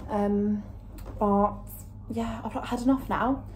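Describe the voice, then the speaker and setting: A woman's voice: mid-range voice, fairly even intonation, slow. Chatty woman, noisy home vlog. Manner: chatty, lots of "um" and "like". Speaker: vlogger. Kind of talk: casual renovation vlog. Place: home being renovated.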